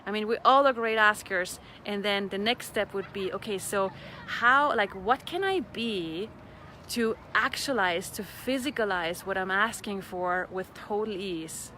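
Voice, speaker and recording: A woman with a bright, clear voice gives a chatty, playful motivational talk outdoors. She is relaxed and quick to laugh, and she repeats set phrases. A faint hum of traffic sits behind her. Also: mid-range voice. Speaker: facilitator of a personal-development class. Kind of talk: casual motivational talk to camera.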